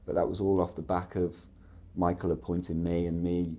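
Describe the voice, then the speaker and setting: A man's voice: low-pitched, level tone, normal speed, dark tone. A man, a podcast guest telling chatty, rambling anecdotes. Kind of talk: casual storytelling.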